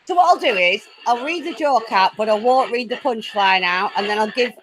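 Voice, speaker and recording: A woman hosting her own paranormal channel from home, chatty and easily excited, laughing often as she talks to her viewers. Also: on the high side, moderate pace, poor audio. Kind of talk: casual live chat. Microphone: laptop.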